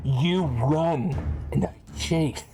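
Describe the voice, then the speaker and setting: A man voicing a menacing big male predator cat, slow, theatrical and muffled as he tries for a deeper voice. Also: full character voice. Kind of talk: voicing game characters on stream.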